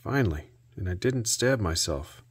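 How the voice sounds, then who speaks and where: A man hosting a repair video, narrating his work out loud with dry little jokes to himself. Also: deep voice, expressive, normal speed, breathy edge. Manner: self-talk with dry jokes. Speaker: host.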